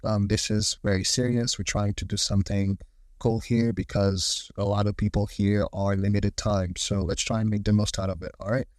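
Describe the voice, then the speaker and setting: A man hosting and moderating a casual live audio discussion, speaking in a brisk, businesslike way. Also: lowish voice, little pitch movement, no room sound. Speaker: host and moderator.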